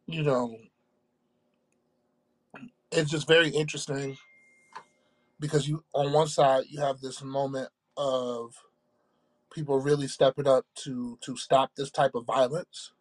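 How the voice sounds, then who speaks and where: A man co-hosting a casual podcast, talking in a measured, reflective way and often checking in with "right?". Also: mid-range voice, little pitch movement. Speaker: podcast co-host. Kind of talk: casual chat.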